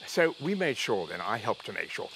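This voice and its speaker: A man's voice: on the low side, sing-song, moderate pace, vocal fry, a bit bright, a little hiss or hum. A man guest in a chatty interview, telling anecdotes jovially, laughing often and restarting his sentences. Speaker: reality show contestant guest.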